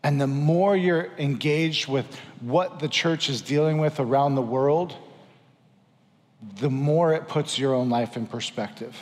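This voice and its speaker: A man's voice: fairly high pitch, unhurried, darkish tone, in a large hall. A man preaching a sermon as pastor, earnest and exhorting, repeating lines for emphasis.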